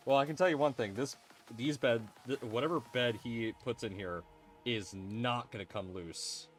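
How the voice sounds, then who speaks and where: A tired-sounding man hosts a livestream, joking around casually and swearing freely. He speaks at a normal speed in a mid-range voice, with faint music playing behind him.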